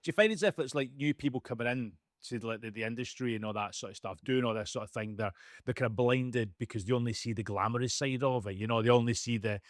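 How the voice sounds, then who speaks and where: A man's voice: mid-range voice, fast, dry recording, clean studio sound. A man hosting a podcast interview, asking questions in a loose, hesitant way, repeating words and ending on tag questions. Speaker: podcast host. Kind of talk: casual interview chat.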